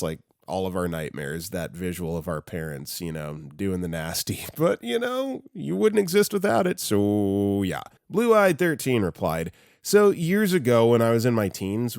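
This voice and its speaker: A man's voice: on the low side, darkish tone, no room sound, clean studio sound. A man narrating online stories aloud, with casual laughing asides between posts.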